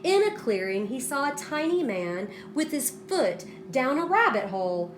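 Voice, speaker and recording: A woman teacher reading a storybook aloud to students in an expressive way, stopping to ask them questions. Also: high-pitched, a little hiss or hum. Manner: slow, expressive, pauses to prompt students.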